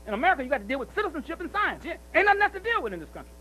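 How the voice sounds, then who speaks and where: Speaking very fast in a sing-song way, a man at a commemorative celebration delivers a preaching-style speech in a strikingly high, bright, forceful voice. He repeats himself emphatically and keeps checking whether his audience follows, with questions like "see?". The recording quality is low.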